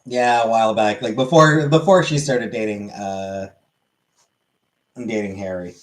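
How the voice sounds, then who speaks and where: A man with a fairly low voice chats on a live stream and answers viewers' questions one after another. He talks in a loose, offhand way and swears freely. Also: a little slow, poor audio. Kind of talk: casual live stream chat.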